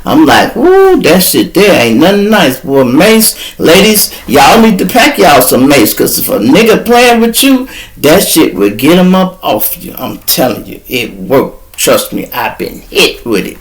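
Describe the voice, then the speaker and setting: A man telling a rough street story on his podcast, animated and profane, slipping into the voices of the people in it. His voice sits fairly high and has a gravelly, fried edge. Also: a little slow, low-quality recording. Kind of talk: casual storytelling.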